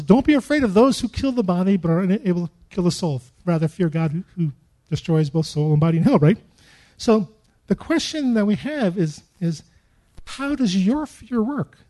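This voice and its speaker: Middle-aged guy preaching, high voice, acts out prayers all dramatic and storytelly. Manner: animated storytelling with acted-out prayers. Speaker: pastor. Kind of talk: sermon.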